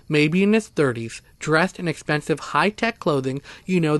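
A man reading a first-person story aloud as narrator, in a steady, even storytelling manner. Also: on the high side, no room sound. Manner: steady, even storytelling, voicing quoted speakers.

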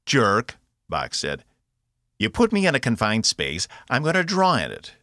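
Brief: man voicing a loud, defiant robot; high, shouty, rough-edged storybook voice. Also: huge pitch swings, measured pace, no room sound, studio quality, exaggerated voice. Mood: huffy. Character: loud brash male robot.

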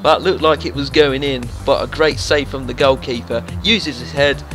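A young man giving casual, excitable commentary while playing a football video game and talking to his players. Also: mid-range voice, normal speed, rough recording. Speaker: gaming YouTuber. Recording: faint background music.

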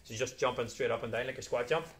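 A man's voice: mid-range voice, quick pace, echoey room, a little hiss or hum. A man leading a live children's PE class, giving playful step-by-step exercise cues. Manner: upbeat, playful, step-by-step cueing. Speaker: children's PE coach. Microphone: camera set back across the room.

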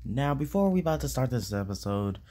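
A man voicing a boastful, grumpy male giant monster lizard in a toy reenactment reaction video, excitable and complaining. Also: medium pitch, a little fast, lightly acted. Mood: cheerful.

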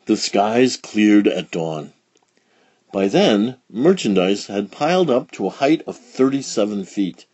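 A man reading a children's storybook aloud with expressive, dramatic storytelling. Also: on the low side, slow pace, breathy edge, dry recording, highs cut off. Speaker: storybook reader. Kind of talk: children's read-along narration.

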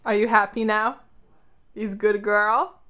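A woman's voice: mid-range voice, flat delivery, takes it slowly. A woman at home in her bedroom, talking to her dog in coaxing, teasing baby talk. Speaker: dog owner. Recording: dull lo-fi home video.

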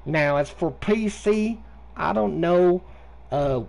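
Man doing a Southern country bumpkin, drawling, mock-innocent, gravelly, slow and halting. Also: high-pitched, a little mellow, voice pushed up, exaggerated voice. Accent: Southern US (put on). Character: folksy rural Southern man playing dumb.

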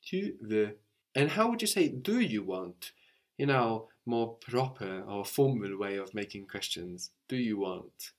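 Man, language teacher, lowish voice, patient, explains step by step, checks in with "no?". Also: sing-song, unhurried. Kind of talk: guided language lesson.

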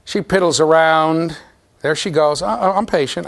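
In a classroom lecture with a live demonstration, a man with a higher-pitched voice speaks at an ordinary speed. Playful and direct, he addresses a large group of university students.

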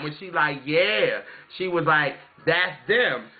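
A music vlogger from South Carolina tells his viewers a story in a high-pitched, expressive voice, a little slow. He's chatty and rambling, often saying "you know what I'm saying," and the recording has a tinny, phone-like sound.

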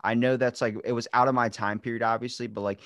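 A young adult man hosting a podcast in casual chat, telling animated stories with lots of swearing. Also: medium pitch, fast talker, dry recording, studio quality. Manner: animated storyteller, swears freely, acts out quotes. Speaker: podcast host.

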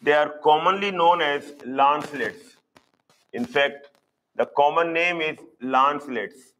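A middle-aged man gives a live online zoology lecture at a very slow, deliberate pace. He says each key term two or three times and keeps checking that his students are following. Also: on the high side, a bit bright, rough recording. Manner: slow, repeats key terms, asks students if they follow. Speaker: zoology teacher.

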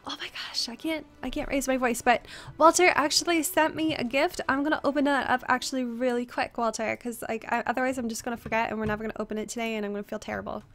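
A young woman with a fast, fairly bright, somewhat high voice and fairly even intonation streams a game using a headset. She casually greets viewers by name and reads their messages aloud, her voice slightly strained as though she's resting it.

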